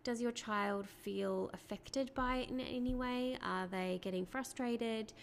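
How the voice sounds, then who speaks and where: A woman speech therapist explaining to parents in a clear, patient teaching talk, asking rhetorical questions along the way. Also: fairly high pitch, unhurried, a little hiss or hum.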